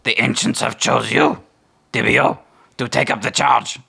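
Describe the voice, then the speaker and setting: A man voicing a solemn talking raven messenger in a high, loud squawk. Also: fairly even intonation, a little slow, gravelly, breathy edge, full character voice.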